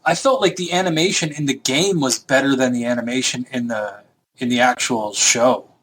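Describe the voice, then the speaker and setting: A man's voice: medium pitch, moderate pace, fairly bright tone, breathy edge. A man co-hosting a gaming podcast, hedging his opinions with hesitant fillers. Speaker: podcast co-host. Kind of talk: casual chat.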